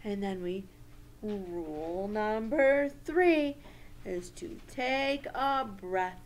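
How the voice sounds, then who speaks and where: A woman teaching a social-emotional lesson to young children in a slow, sing-song, exaggerated teacher voice. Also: medium pitch, animated.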